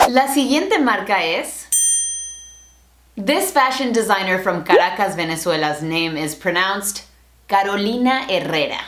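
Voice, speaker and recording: Woman teaching pronunciation, spells things out slowly and clearly, bit of room echo. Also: mid-range voice, fairly bright tone. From Latin America. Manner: clear, deliberate enunciation, switching between English and Spanish. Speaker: language teacher. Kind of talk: bilingual pronunciation lesson.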